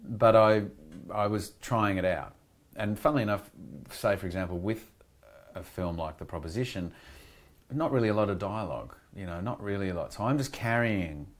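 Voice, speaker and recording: A man's voice: fairly low pitch, normal speed. An Australian man, a guest actor, talking candidly and reflectively in a casual interview. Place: podcast studio.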